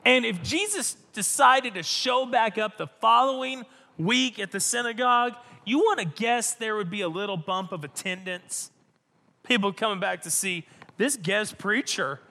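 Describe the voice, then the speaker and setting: A male pastor preaching a sermon in an animated, emphatic way, often repeating his phrases. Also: sits high, normal speed, gravelly, in a large hall.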